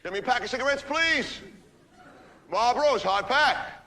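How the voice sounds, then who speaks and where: An actor playing a rowdy street guy who shouts and hectors his friends. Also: extremely high pitch, animated, normal speed, heavily acted. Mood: yelling. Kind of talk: stage monologue.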